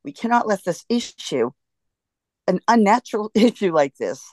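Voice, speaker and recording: A woman's voice: medium pitch, sing-song, normal speed, a little mellow, dry recording. A woman guest in an interview, talking with frustrated urgency and breaking off to restart her sentences. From United States. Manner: frustrated, emphatic, restarts often. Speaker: guest, scuba diver. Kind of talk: impassioned interview talk.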